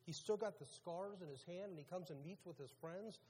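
A man's voice: high-pitched, fairly quick, dark tone, breathy edge. A man preaching a casual, conversational sermon as pastor, putting questions to his audience. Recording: long hall reverb.

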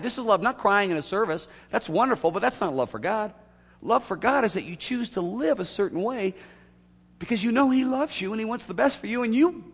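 A man preaching a sermon to his church, swinging from loud emphatic peaks to quiet asides. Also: high-pitched, husky. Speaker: pastor. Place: church sanctuary. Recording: long hall reverb.

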